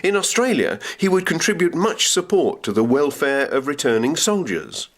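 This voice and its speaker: A man's voice: on the high side, big pitch swings, moderate pace. A man narrating a local history documentary, reading quotations with dramatic emphasis.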